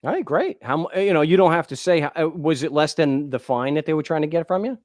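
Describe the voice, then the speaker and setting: Halting talk-show host, dry close mic. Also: male voice, a little high, animated, a little mellow, no room sound. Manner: encouraging, thinks aloud with halting restarts. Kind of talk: talk radio call-in.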